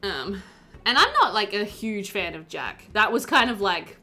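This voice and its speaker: Giggly chatty woman streamer, lively pitch. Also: unhurried, soft background music. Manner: giggly, chatty, reads chat aloud. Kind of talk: casual chat with live chat.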